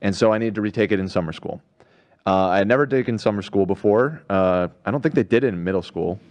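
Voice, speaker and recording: A man in his thirties on a casual talk show, telling a story from high school with many pauses and fillers. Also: darkish tone. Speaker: show crew member.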